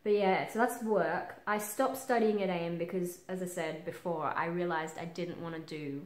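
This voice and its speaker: A woman in her twenties with an Australian accent, talking frankly in a personal vlog, halting with many ums and casual swearing. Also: fairly low pitch, fairly even intonation. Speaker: vlogger. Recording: roomy echo.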